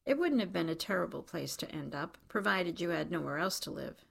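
A woman reads an audiobook in a low voice with a gravelly, fry-edged texture. Her telling is wry and dry. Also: expressive, brisk. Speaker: narrator. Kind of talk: audiobook narration.

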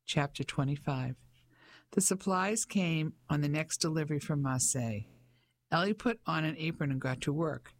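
An audiobook narrator reading a novel in an even, measured storytelling manner. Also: mid-range voice. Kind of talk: scripted narration.

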